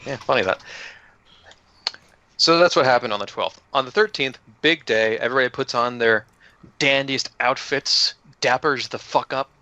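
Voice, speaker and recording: A man with a bright, forceful voice runs through last session's events for his tabletop group in a loose, joking way, cursing here and there. The sound is dry and a little dull, like a lo-fi recording. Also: medium pitch, normal speed, no room sound. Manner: loose and joking, with swearing and laughs. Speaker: player recapping the last session. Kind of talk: casual recap of a tabletop game. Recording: dull lo-fi audio.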